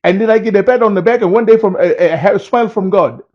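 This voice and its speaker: A man voicing a smooth-talking Somali bike thief who makes everything sound innocent, with a Somali accent. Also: sits high, quick pace, highs cut off, voice pushed up. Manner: sweet, falsely innocent.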